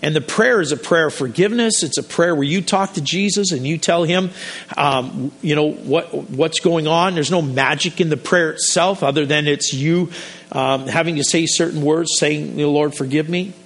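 A man's voice: a little high, normal speed, fairly bright tone. A man pastor preaching a sermon in a conversational, storytelling way, often restarting his sentences.

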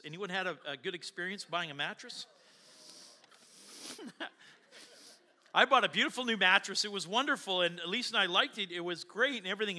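A man, a pastor, preaching by telling an animated personal story and acting out both sides of the conversations. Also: sits high. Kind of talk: sermon storytelling.

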